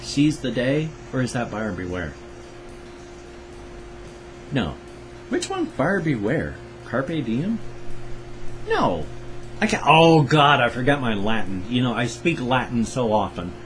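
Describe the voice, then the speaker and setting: A man's voice: mid-range voice, big pitch swings, slow, long pauses, over music, low-quality recording. An older man from the Pacific Northwest with its accent, chatting in a rambling, self-correcting way in a casual solo vlog. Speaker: vlogger.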